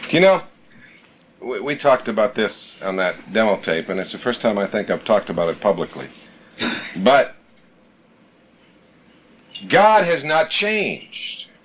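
A man's voice: fairly low pitch, sing-song, a little slow, long pauses, fairly bright tone, a little hiss or hum. Emphatic man leading a Bible study. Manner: emphatic, repeats phrases, reads scripture aloud. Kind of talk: teaching a group Bible study.

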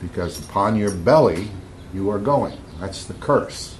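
A man's voice: fairly low pitch, lively intonation, unhurried, a little hiss or hum. Emphatic man teaching scripture. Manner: emphatic, repeats key words, bantering with listeners. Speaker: Bible teacher. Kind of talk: informal Bible teaching to a group.

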